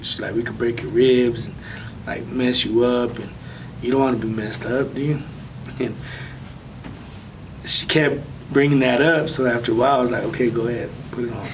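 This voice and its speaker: A man speaking as an interview guest, telling a personal testimony in a soft, halting way with many pauses. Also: mid-range voice, steady tone, far from the mic, background noise.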